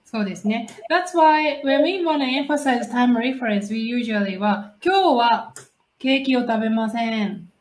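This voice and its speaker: A Japanese woman leads a casual study chat in English with a Japanese accent, prompting and encouraging her partner. Her voice sits a little high. The room around her rings with echo. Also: fairly quick, a little mellow, slight background noise. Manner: prompting, encouraging, laughs often. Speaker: host and English learner.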